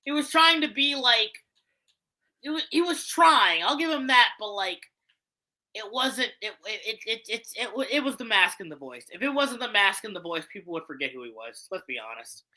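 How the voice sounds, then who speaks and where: A woman in casual chat about voice casting, blunt and profane, talking with animated energy. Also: on the high side, moderate pace. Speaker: podcast co-host.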